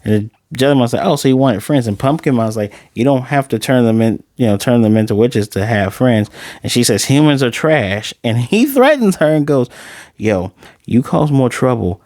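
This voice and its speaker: A man casually recapping and reviewing an anime episode, acting out character lines with dramatic, exasperated reactions. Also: medium pitch. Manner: animated, acts out character lines in quick snippets.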